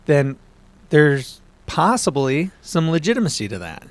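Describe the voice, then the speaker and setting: Profane, animated man ranting on a podcast. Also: a little high, measured pace, dry recording. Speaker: podcast co-host. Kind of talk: heated casual podcast debate.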